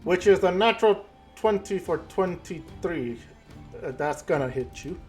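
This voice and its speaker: A man narrating a tabletop game as game master, halting and full of fillers and self-corrections. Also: sits high, lively intonation, darkish tone, soft background music.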